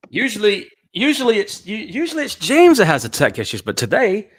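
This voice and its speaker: A man's voice: high-pitched, wildly swooping pitch, a little fast, roomy sound. A man co-hosting a live movie stream, muttering and swearing freely under his breath. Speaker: co-host. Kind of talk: casual live stream chat.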